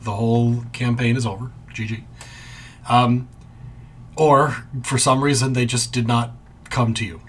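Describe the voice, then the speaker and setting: A man's voice: mid-range voice, flat delivery, unhurried, pauses often, slight background noise. A man narrating a tabletop space game as game master, joking and laughing easily.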